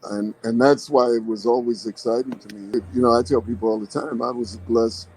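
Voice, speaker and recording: A man's voice: mid-range voice, fairly even intonation, a little fast, a little mellow, a little hiss or hum, poor audio. An older man in casual podcast chat, telling folksy stories about work and life and laughing often.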